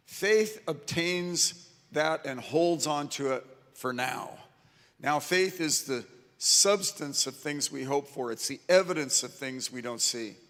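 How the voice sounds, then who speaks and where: Male pastor, slightly high voice, casual preaching in a reverberant church hall. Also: slow, a bit bright. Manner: conversational, repeats words when restarting. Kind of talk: sermon.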